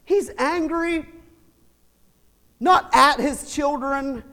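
A male pastor preaching a sermon, animated, swinging from loud emphatic bursts to quiet asides with chuckles. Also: very high-pitched, unhurried. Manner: animated, shifts from shouting to hushed asides with laughs. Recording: long hall reverb.

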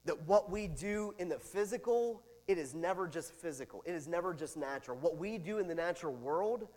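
A man pastor preaching a sermon, animated, with big swings in loudness and chatty asides. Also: a little high, in a large hall.

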